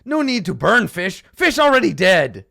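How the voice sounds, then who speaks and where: A man's voice: sits high, very animated, normal speed, creaky, bright, forceful tone, pitched above the performer's own voice, exaggerated voice. A man doing a blunt gnoll in broken speech. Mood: scornful. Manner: clipped broken-English grunts.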